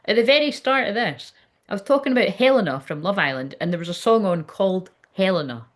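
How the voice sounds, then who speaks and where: A woman's voice: mid-range voice, lively intonation, fast talker. A woman giving a casual livestreamed card reading, chatty and rambling, swearing freely. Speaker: tarot card reader.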